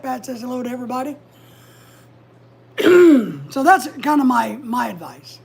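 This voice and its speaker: A woman's voice: on the high side, lively intonation, measured pace, creaky, long pauses, a little mellow, husky. A woman hosting a casual livestream from home, chatting, giving advice and reading out viewer comments. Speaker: livestream host.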